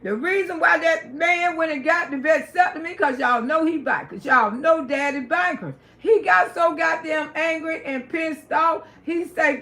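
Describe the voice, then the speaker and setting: High-voiced woman ranting loudly. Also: a little slow, few pauses. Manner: loud, emphatic, profane ranting. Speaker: livestream host. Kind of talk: live-stream gossip commentary.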